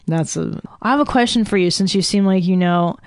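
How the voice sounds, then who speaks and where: A woman's voice: medium pitch, moderate pace, a little mellow, no echo, clean studio sound. A woman guest on a podcast, talking candidly and self-deprecatingly and swearing freely. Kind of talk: candid conversation.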